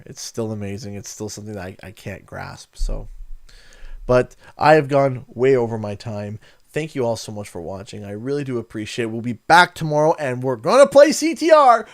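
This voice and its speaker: A young Canadian man chatting casually on a gaming livestream, telling friendly, rambling stories. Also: mid-range voice. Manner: rambling, friendly storyteller who acts out quotes. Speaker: gaming streamer.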